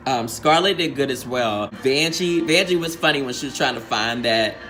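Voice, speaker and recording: A man's voice: medium pitch, expressive, moderate pace, bright, forceful tone, soft background music. A man hosting a casual recap, talking with sassy, profane drag slang and acting out quotes in changed voices. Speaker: reality show recap host.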